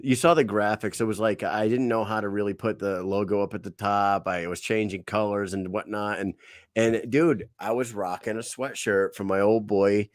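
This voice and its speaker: Low-voiced man bantering as podcast host. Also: steady tone, moderate pace, no room sound, studio quality. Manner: loose, profane banter. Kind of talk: casual podcast chat.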